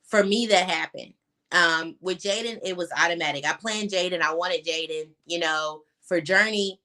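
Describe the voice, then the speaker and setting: A woman's voice: on the low side, normal speed, pushed and bright. A young adult woman on a video call, telling her personal story candidly with many fillers, sometimes choking up. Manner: candid, filler-heavy, chokes up at times. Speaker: guest.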